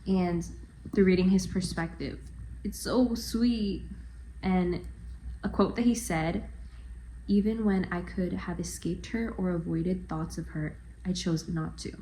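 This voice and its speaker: A woman's voice: lowish voice, dark tone, a little hiss or hum, poor audio. A young woman chatting casually in a home book vlog, gushing about books and dropping to a near-whisper at sad parts. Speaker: book vlogger. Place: at home, bedroom.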